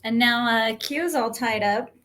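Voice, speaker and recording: Giggly, chatty woman with a higher voice. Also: unhurried, fairly bright tone. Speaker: guest host this week. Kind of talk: casual podcast chat.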